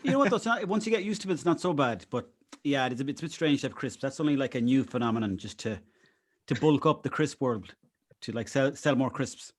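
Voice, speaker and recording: Man, podcast guest, casual joking chat, mid pitch. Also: expressive. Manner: joking, quick to laugh.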